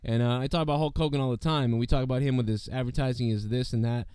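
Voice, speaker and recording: A hoarse, sick man hosting a podcast in casual, rambling, profane chat full of fillers. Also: mid-range voice, steady tone, racing, darkish tone, no room sound. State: hoarse from illness. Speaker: podcast host.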